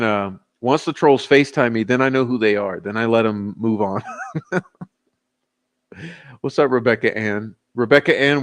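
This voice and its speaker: A man hosting a livestream, casually joking with his chat and laughing often, a little tipsy. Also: mid-range voice. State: tipsy, giggly. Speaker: livestream host. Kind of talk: casual live chat sign-off.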